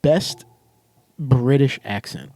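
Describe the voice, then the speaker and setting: A man's voice: mid-range voice, slow pace, dark tone, dry recording. A man co-hosting a podcast, teasing and joking in casual chat. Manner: teasing, jokey. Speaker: podcast co-host.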